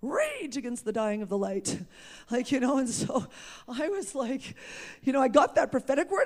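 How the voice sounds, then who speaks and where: A woman's voice: high-pitched, very animated, normal speed, a little mellow. A woman preacher giving a personal testimony, candid and emphatic, often laughing at herself. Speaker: preacher sharing her testimony.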